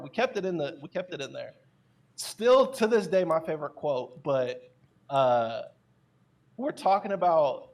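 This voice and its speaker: A man as a podcast guest telling casual, animated stories, with many fillers and restarts. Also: on the high side. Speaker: guest, content creator.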